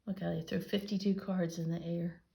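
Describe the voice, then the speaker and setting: A woman reading a children's picture book aloud in a gentle storytelling way. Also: fairly low pitch, moderate pace, vocal fry. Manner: gentle storytelling with lively dialogue voices. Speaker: reader.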